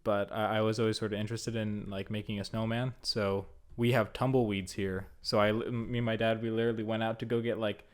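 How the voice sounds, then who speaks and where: A man's voice: lowish voice, level tone, brisk, few pauses. A young man co-hosting a casual podcast chat, rambling with frequent restarts and easy laughs. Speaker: podcast co-host.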